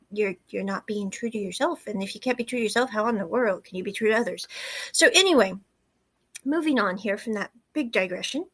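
A woman's voice: on the high side, fairly bright tone. A woman giving a casual, digressive spoken review of a drama, retelling scenes by quoting the characters. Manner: chatty, digressive, retells scenes in quoted dialogue. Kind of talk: casual commentary recapping a drama.

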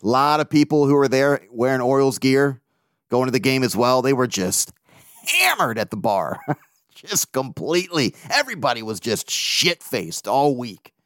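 A man's voice: mid-range voice, sing-song, moderate pace, fairly bright tone, dry recording, clean studio sound. Rambling, profane male podcast host. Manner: rambling, profane, self-mocking storytelling. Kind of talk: casual monologue.

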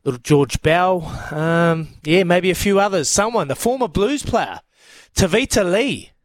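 A man's voice: sits high, animated, a little slow, dry recording. A man co-hosting a sports radio show in casual, blokey banter, laughing often.

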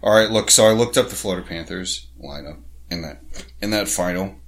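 A man's voice: low-pitched, a little fast, a bit bright. A man co-hosting a casual sports podcast, rambling and swearing as he reads names off a list. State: has the hiccups. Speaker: podcast co-host.

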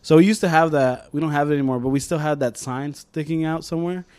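Talking fast in a fairly high voice, a man co-hosts a podcast with easygoing chatter. He tells stories with lots of energy, slipping into the voices of the characters he quotes.

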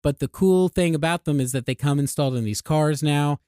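A man's voice: on the high side, a little fast, darkish tone, clear, resonant tone, no echo, clean studio sound. A man co-hosting a podcast, talking casually and upbeat, laughing often and restarting his sentences. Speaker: podcast co-host.

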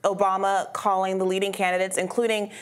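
A woman's voice: medium pitch, little pitch movement, brisk, smooth. Pressing woman co-host challenging. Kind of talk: pointed debate questions.

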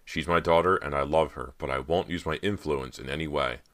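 A man with a very deep voice reading the lines of a stern, grave judge who is also the father, speaking firmly. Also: brisk, a bit bright. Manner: grave, firm.

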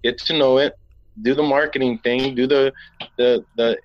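A man's voice: mid-range voice, fairly even intonation, moderate pace, lo-fi sound, slight background noise. Laid-back rambling male podcast guest. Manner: rambling, laid-back, full of fillers and "man". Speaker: podcast guest, actor and author. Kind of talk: casual interview chat.

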